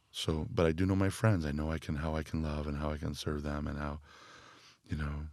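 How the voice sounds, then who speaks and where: A man speaking as a podcast guest and spiritual teacher, thoughtful and full of fillers, growing more animated as he explains. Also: rumbling low, a little fast, no echo. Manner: thoughtful, speaks in loose phrases with many fillers. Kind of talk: reflective podcast conversation.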